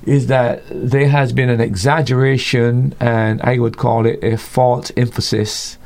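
A man of middle pitch teaching church doctrine as a guest in an interview. He speaks emphatically, stumbles through restarts and repeated words, and leaps higher when he mocks what he sees as excess. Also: flat delivery, measured pace, vocal fry, a little mellow.

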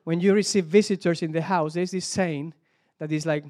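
A man's voice: a little high, fairly even intonation, moderate pace, darkish tone. A man from Spain with a Spanish accent, preaching a sermon in English as a second language, often repeating words and searching aloud for the right English word.

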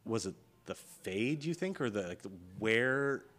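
A young man in casual conversation, animated and profane, peppering his talk with "like". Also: medium pitch, unhurried. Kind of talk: casual chat.

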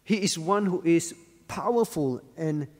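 A man's voice: a little high, lively intonation, measured pace, in a large hall. A male pastor leading an interactive Bible study, asking questions, calling on listeners by name and repeating key words.

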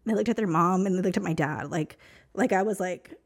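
A woman's voice: fairly low pitch, quick pace. A woman from New Mexico, a podcast guest, telling a personal story in casual, emotional, rambling talk full of fillers.

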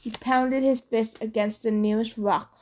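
A woman narrating an audiobook in a steady, expressive reading voice. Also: a little high, unhurried.

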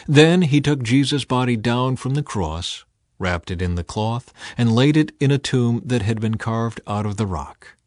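A man's voice: medium pitch, lively intonation, a little slow, a little mellow, dry recording, studio quality. A man reading a Bible passage aloud with dramatic emphasis, his voice swelling on the quoted cries. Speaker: scripture reader.

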